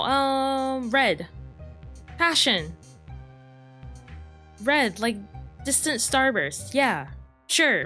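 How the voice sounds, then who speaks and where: A woman's voice: high voice, sing-song, drawn-out words, pauses often, bright, forceful tone, soft background music. Giggly woman reacting to a horror game. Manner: giggly, amused asides. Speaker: gaming video creator. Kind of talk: reacting while reading a game aloud.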